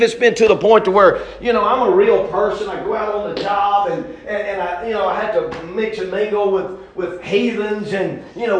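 A man preaching a sermon in a folksy drawl, his delivery swinging between easy talk and loud shouting. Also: sits high, echoey room.

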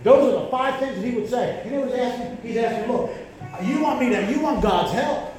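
A middle-aged male pastor preaching a sermon, telling stories and repeating words as he builds to shouted lines. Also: extremely high pitch, brisk, reverberant. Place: church sanctuary.

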